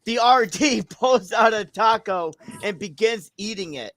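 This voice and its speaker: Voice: medium pitch, unhurried, very noisy. A livestream host reading a wrestling storyline aloud and coaching a young reader along the way. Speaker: show host. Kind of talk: livestream read-along and chat.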